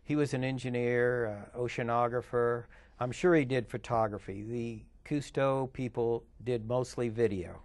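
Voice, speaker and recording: An older man sits as an interview guest and tells his stories at a relaxed, rambling pace. He stops often on fillers and restarts, and his voice sits in a typical middle pitch for a man. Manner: rambling, chatty, with filler pauses. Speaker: interview guest, underwater photographer. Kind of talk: casual interview storytelling.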